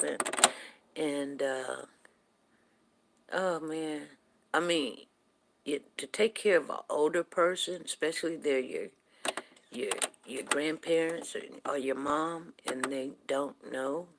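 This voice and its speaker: A woman's voice: sits low, slow, long pauses, a little hiss or hum. A woman hosting a show, telling rambling folksy stories. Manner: rambling, folksy, with many restarts. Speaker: show host. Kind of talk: casual storytelling monologue.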